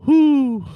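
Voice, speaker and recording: A man hosting a live stream, laughing hard one moment and snapping at someone who talks over him the next. His pitch swings widely across a mid-level voice, and the sound is close and dry. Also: dry recording, narrow, tinny audio. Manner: laughs a lot, then snaps when talked over. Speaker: stream host. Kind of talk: casual live-stream chat.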